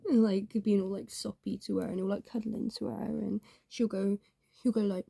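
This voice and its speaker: A woman's voice: mid-range voice, little pitch movement, normal speed, vocal fry, warm tone, slightly rough, no echo, studio quality. A young woman talking in a rambling, candid way, full of fillers, in a casual confessional vlog. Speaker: YouTuber.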